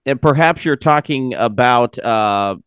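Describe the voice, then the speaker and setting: A man being interviewed, explaining at length in a measured way with frequent filler pauses and a dry sense of humor. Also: mid-range voice, fairly bright tone, clean tone, no echo. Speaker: interview guest, researcher of unexplained phenomena. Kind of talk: casual interview chat.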